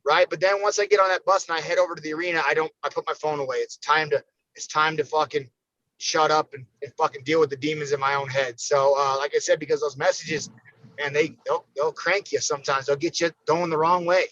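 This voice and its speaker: Casting: American man, high bright voice, profane and fired-up, casual podcast guest, dry close mic. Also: fairly even intonation, brisk, no room sound, dull audio.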